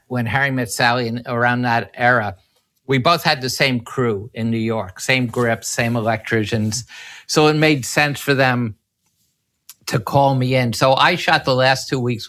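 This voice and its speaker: A man's voice: mid-range voice, pushed and bright. A man, a filmmaker guest, telling rambling anecdotes with many restarts and self-corrections. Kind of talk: anecdotal podcast storytelling.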